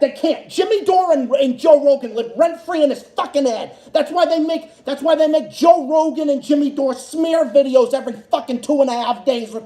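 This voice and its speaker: High-voiced man ranting angrily. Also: warm tone. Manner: angry, profane, repeats himself. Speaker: livestream host. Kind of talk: solo political rant stream. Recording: echoey room.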